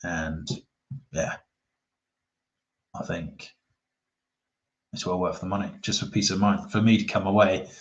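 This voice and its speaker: A man's voice: low voice, fairly even intonation, unhurried, long pauses. A man chatting casually on a live stream as a golf YouTuber, rambling and reading viewer comments aloud. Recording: roomy, dull lo-fi sound.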